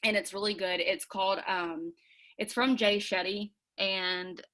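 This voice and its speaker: A woman's voice: mid-range voice, steady tone, measured pace, bright, forceful tone. A young woman leading a team call from home, casual and chatty with lots of filler words, earnest and encouraging. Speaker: team leader.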